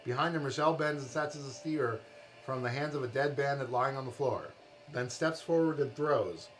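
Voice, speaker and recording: A man runs a tabletop fantasy game on a live stream, narrating each scene in a steady storybook manner. His voice is mid-range. Faint music plays behind him. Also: medium pitch, normal speed. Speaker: game master.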